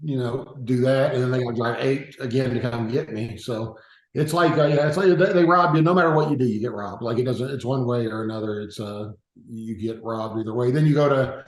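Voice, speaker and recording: A man's voice: medium pitch, roomy sound, rough recording. A man as a podcast guest, griping in casual chat, laughing along and often agreeing.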